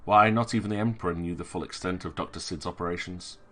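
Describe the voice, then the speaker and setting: A man reading a game aloud and voicing a sly, smooth-talking male informant in a theatrical, wheedling manner. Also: low voice, fast talker, pushed and bright.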